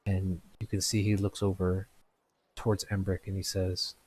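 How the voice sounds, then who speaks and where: A man narrating a tabletop game as game master, describing scenes in a halting, descriptive way. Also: sits low, monotone, darkish tone, a little hiss or hum.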